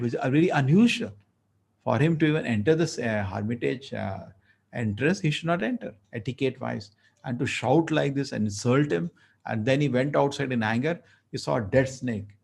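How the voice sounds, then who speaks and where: A man lectures at a temple, telling a story in a loose, conversational way. His voice is gravelly and husky, at an ordinary middle pitch. He often slips into acting out the characters' lines. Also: fairly quick. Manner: animated, conversational, acts out dialogue. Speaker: temple speaker.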